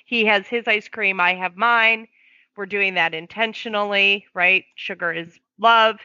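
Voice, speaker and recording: A woman's voice: mid-range voice, unhurried, no echo, lo-fi sound. A woman, a foster parent, telling a story in conversation and acting out the quoted dialogue. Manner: lively, acts out quoted dialogue.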